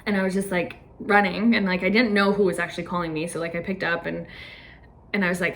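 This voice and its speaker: A woman's voice: medium pitch, a little fast. A young woman telling a casual personal story, chatty and full of "like" fillers, laughing often. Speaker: podcast host.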